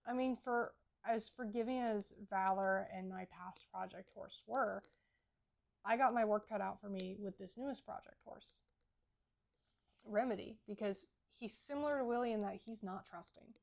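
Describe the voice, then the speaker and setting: A woman's voice: medium pitch, normal speed, vocal fry. A woman co-hosting a casual podcast chat about horses, earnest and explanatory as she gives advice. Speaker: podcast co-host.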